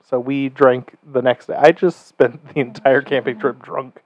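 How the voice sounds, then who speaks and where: A man's voice: mid-range voice, steady tone, a little slow, dry recording. An easygoing man with a mid-range voice chats on a podcast, trading stories with his co-hosts. His recording is a little dull and very dry, with no room sound. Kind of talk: casual chat.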